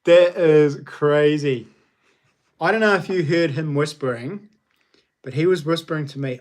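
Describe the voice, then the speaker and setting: New Zealand man, 30s, stream host, cheerful and chatty, slightly high voice. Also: unhurried, pauses often, a little mellow. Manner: upbeat and chatty, calls viewers legends. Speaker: livestream host. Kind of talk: casual livestream chat. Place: small lounge nook at home.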